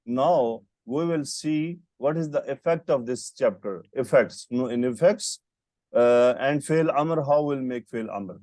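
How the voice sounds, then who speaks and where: A man's voice: mid-range voice, a little slow, a little mellow, no room sound, clean studio sound. A man teaching Arabic grammar in an online lesson, patiently quizzing his student with short questions over a call. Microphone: computer mic on a video call.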